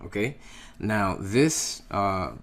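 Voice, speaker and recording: A man teaching a casual lesson, patient and unhurried, who keeps checking in with "okay?" while he writes out examples. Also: lowish voice, expressive. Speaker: Hebrew language teacher.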